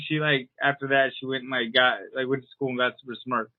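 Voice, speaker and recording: A man co-hosting a podcast in rambling casual chat, with an irritated throat and frequent throat clearing. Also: medium pitch, normal speed, dry recording, phone-quality sound. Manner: rambling, filler-heavy, clears throat often. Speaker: podcast co-host.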